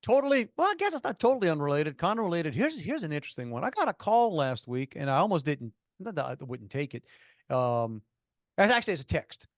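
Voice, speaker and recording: A man's voice: fairly high pitch, very animated, quick pace, no room sound, clean studio sound. A man co-hosting a podcast in casual chat, rambling and jokey, often restarting his sentences. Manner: rambling, self-interrupting, jokey. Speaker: podcast co-host.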